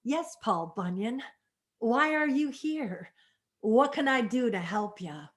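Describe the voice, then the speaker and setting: A woman storyteller voicing the Night, a kind lady spirit who speaks in a cool, gentle way. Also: a little high, lively intonation, slow pace.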